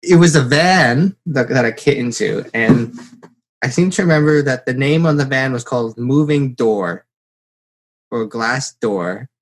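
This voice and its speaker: A man's voice: mid-range voice, unhurried, slight background noise. A man hosting a podcast, telling a story in casual chat and acting out the quotes. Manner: animated storyteller, acts out quotes. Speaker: podcast host.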